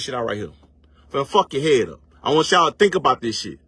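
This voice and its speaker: In a medium-pitched, sing-song voice that is a bit bright with a breathy edge, an online commentator rants motivationally. The rant is casual and profane, heavy on slang and rhetorical questions, with words stretched out for preachy emphasis. The recording is dry.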